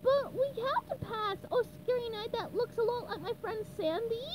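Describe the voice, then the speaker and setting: A woman voicing an eager young male cartoon sponge in a high, squeaky, excitable voice for a storybook reading. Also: moderate pace, slight background noise, poor audio. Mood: earnest.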